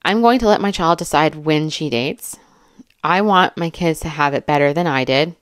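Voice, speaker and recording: Woman, thirties, commentary vlogger; deep voice, chatty, dry close mic. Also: moderate pace, smooth, no room sound. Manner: chatty, animated asides with laughing interjections. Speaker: commentary YouTuber and mother. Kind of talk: reaction commentary, reading quotes aloud.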